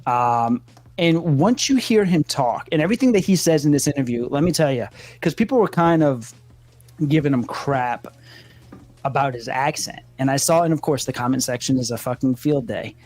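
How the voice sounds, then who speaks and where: A man's voice: medium pitch, expressive, normal speed, a little mellow. A man with a Louisiana accent co-hosting a podcast, telling stories emphatically and swearing casually. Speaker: podcast co-host. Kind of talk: casual chat.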